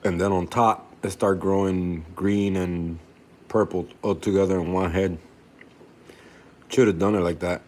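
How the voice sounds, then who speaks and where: A man's voice: low voice, fairly even intonation, unhurried, a little mellow. A young man in a casual home vlog, rambling with many restarts as he shows his aquarium, sometimes talking with his mouth full. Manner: rambling, restarts often, talks while eating. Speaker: reef tank hobbyist vlogger.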